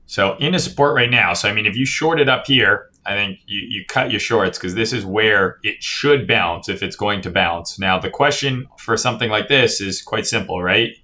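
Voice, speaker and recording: A man's voice: lowish voice, normal speed, few pauses, pushed and bright. A man streaming casual crypto chart analysis, talking loosely with swearing, reading viewer comments aloud and often tagging "right?". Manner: casual, profane, reads chat aloud, says "right?" often. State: yawning, tired.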